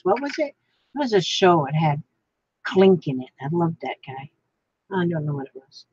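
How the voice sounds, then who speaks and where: A woman's voice: lowish voice, sing-song, normal speed, darkish tone, husky, dry recording, muffled recording. A woman vlogging while she crafts, thinking aloud in a rambling way, trying out names and chatting to the piece she is making.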